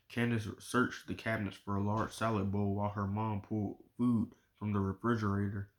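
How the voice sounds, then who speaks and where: A man reading a novel aloud, chapter by chapter, in steady unhurried narration. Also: fairly low pitch. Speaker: audiobook reader.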